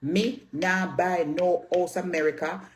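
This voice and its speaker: A woman's voice: lowish voice, steady tone, a little slow. A woman in her fifties with a Jamaican accent, delivering a heated social media rant, brash and scolding, repeating herself and swearing freely. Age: 50s.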